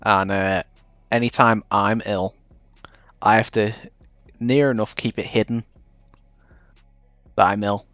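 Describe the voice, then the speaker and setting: Young Scouse male streamer, rambling chat, lowish voice, dull dry audio. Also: fairly even intonation, slow pace, pauses often, fairly bright tone, dry recording. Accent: Liverpool (Scouse). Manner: rambling, chatty, self-interrupting. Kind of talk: casual chat while gaming.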